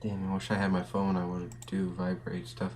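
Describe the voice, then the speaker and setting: A woman's voice: rumbling low, monotone, normal speed, very noisy. A woman chatting casually while playing a visual novel, crude and joking, laughing often. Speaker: game player.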